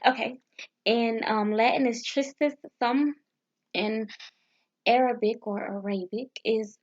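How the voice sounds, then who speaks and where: A woman vlogging casually as she practices foreign phrases, sounding them out haltingly with restarts and nervous, self-deprecating asides. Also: a little high, steady tone. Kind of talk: casual language practice vlog. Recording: dull lo-fi sound.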